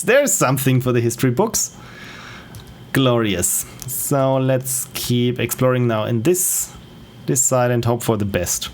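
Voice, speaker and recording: A man's voice: medium pitch, measured pace, a little mellow, faint music behind. German-accented man casually streaming a game. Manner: thinking aloud, with frequent fillers and self-corrections.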